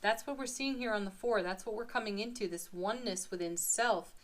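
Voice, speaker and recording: Woman reading tarot cards for viewers, gentle and upbeat, little soft laughs. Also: mid-range voice, brisk. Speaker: tarot card reader. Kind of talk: spiritual tarot reading to camera.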